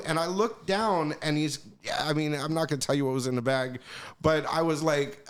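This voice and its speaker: A man with a somewhat high voice, talking as a podcast guest. He tells loose, casual stories with plenty of swearing. He slips into the voices of the people in the story. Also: moderate pace. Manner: animated, profane, acts out quoted voices.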